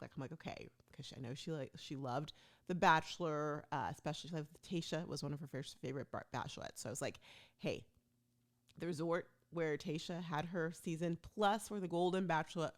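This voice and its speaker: A woman host telling a personal travel story in a chatty, casual way, acting out the people she quotes. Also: low-pitched.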